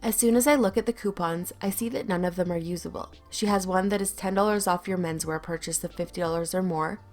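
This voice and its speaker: A woman's voice: lowish voice, quick pace, darkish tone, soft background music. A young adult woman reading an online story aloud with a wry, storytelling delivery. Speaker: story narrator.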